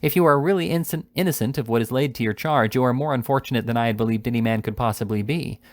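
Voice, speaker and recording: A man's voice: mid-range voice, quick pace, no room sound, natural voice. A man reading aloud and voicing a pompous, sly middle-aged lawyer who needles with mock politeness. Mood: mock-polite.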